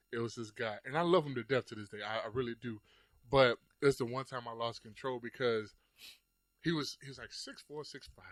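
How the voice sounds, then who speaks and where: A man's voice: medium pitch, no room sound. Swearing man telling a fight story. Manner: animated storytelling, acts out his own past lines, swears often. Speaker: host. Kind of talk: casual chat.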